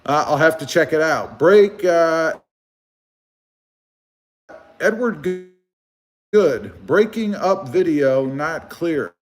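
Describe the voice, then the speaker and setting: A man from South Texas hosting a casual car livestream on a phone, reading viewer comments in a relaxed, rambling way. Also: fairly high pitch, slow, pauses often. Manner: relaxed, rambling with many fillers. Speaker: car channel host. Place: live stream over phone.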